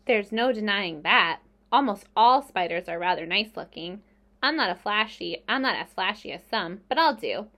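A woman's voice: medium pitch, expressive, moderate pace, fairly bright tone. A woman voicing a clever female spider in a storybook reading, with a thin, pleasant voice and a composed, matter-of-fact way of talking.

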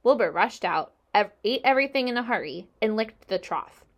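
A woman narrating a children's storybook in a gentle, expressive way. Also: fairly high pitch, moderate pace. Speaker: reader.

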